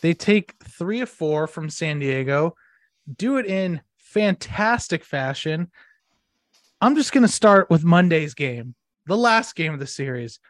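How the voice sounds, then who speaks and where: A man's voice: a little high, animated, a little slow, dry recording, clean studio sound. A man co-hosting a casual sports podcast, gloating and swearing as he mocks rivals. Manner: gloating, profane, mocking. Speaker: podcast co-host.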